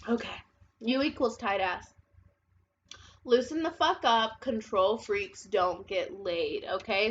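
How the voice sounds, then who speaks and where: A woman's voice: fairly high pitch, fairly bright tone, muffled recording, a little hiss or hum. A woman giving a casual tarot reading, chatty and blunt, who swears and laughs a lot and sounds a little congested and unwell. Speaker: tarot reader.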